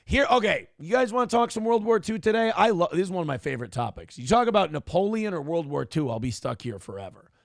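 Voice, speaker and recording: A man hosting a casual morning talk show, with a gravelly, fry-heavy voice that sits a touch high for a man. He rambles and swears freely, sure of his own opinions. The sound is dry and close, with faint music underneath. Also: very animated, fast talker, few pauses, no room sound.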